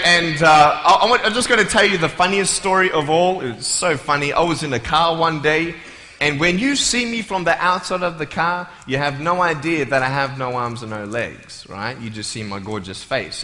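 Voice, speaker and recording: Aussie guy joking around onstage, high sharp voice, big roomy hall with long echo. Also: a little hiss or hum. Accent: Australian. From Australia. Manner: playful, joking storyteller who acts out scenes. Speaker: motivational speaker. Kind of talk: humorous motivational speech. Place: large hall, on stage before an audience. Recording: echoey hall with long reverb.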